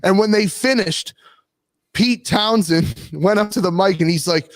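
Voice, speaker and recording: A man's voice: sits high, measured pace, dry recording. A man co-hosting a music podcast who gives blunt, stubborn opinions in casual back-and-forth debate. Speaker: podcast co-host.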